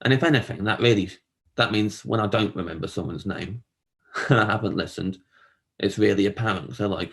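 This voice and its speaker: A man performing a rambling, self-deprecating stand-up monologue, often jumping up high to act out other people. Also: a little fast, gravelly, a bit bright. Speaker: comedian.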